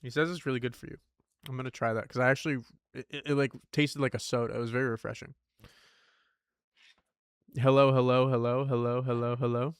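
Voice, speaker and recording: A man's voice: mid-range voice, steady tone, very fast, vocal fry, no room sound, clean studio sound. A young man streaming a puzzle game from home, rambling and joking in slangy casual chat. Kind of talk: casual live-stream chatter.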